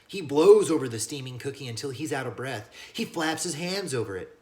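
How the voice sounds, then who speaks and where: A man teaching as he reads a children's novel aloud, with lively asides that speak to young listeners. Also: mid-range voice, brisk. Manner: animated, addresses listeners as kiddos. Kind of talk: read-aloud storybook narration with lesson asides.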